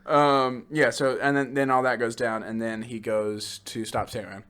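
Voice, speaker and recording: A young man co-hosting a casual movie podcast, going hoarse and laughing often as he acts out quoted lines. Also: medium pitch, level tone, normal speed, fairly bright tone. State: losing his voice. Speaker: podcast co-host.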